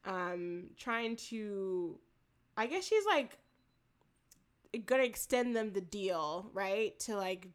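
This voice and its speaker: Her voice is medium-pitched, slow and smooth as she co-hosts a relaxed podcast chat. She retells a TV episode with animated, profane storytelling and plenty of laughter.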